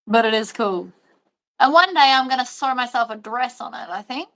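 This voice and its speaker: A woman's voice: fairly high pitch, expressive, moderate pace, fairly bright tone. A woman chatting casually and rambling while she sews. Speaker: sewing host. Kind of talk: casual chat while sewing.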